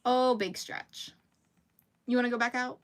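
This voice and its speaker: A young woman chats away on her crafting livestream, and her voice sits a little on the high side. She rambles easily from one story to the next, answers viewers by name and coaxes her dog along between stories. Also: steady tone, measured pace. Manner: chatty and rambling, reads out viewer comments, talks to her dog in a high coaxing voice. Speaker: livestream host. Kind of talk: casual chat while crocheting.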